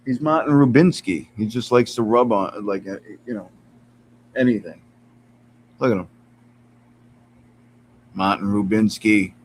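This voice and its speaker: Brief: male streamer, low-pitched, loose and laughing, cooing to his cat, computer mic at a distance, faint hum behind. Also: unhurried, long pauses. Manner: chatty, laughs often, coos at his cat. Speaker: live streamer. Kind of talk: casual live-stream chat. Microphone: computer mic some distance away.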